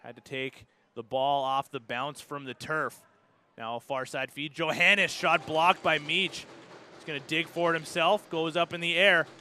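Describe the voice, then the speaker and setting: A Canadian man calls a lacrosse game play by play in a brisk, running commentary. His voice sits a little high for a man, with a bright, forward edge. He rises sharply whenever a shot is saved or a goal goes in. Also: fairly even intonation, slight background noise.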